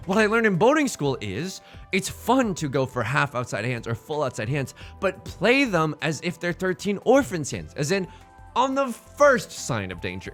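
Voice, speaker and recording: Young male streamer, high-ish voice, swinging pitch, playful banter over his game. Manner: animated, playful, jokey asides; drops to a stage whisper at times. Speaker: let's play streamer. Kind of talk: casual gameplay commentary.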